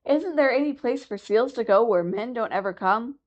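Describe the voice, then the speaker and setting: A woman's voice: a little high, animated, moderate pace, lo-fi sound, voice pushed up. A woman voicing an eager, bold young male white seal who talks in a raised voice.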